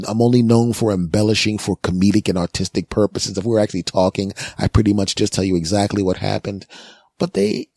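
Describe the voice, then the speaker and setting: Animated, dry-voiced man telling comic stories. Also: fairly low pitch, no echo. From United States. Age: 40s. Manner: animated storyteller, acts out other voices, repeats words for effect. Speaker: comedian and podcast host. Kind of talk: storytelling comedy monologue.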